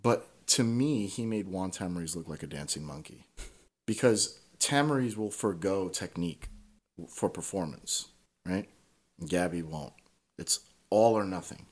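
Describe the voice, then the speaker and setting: A man's voice: low-pitched, animated, measured pace. A man telling stories as a podcast guest in casual conversation, swearing freely and tagging his points with "right?".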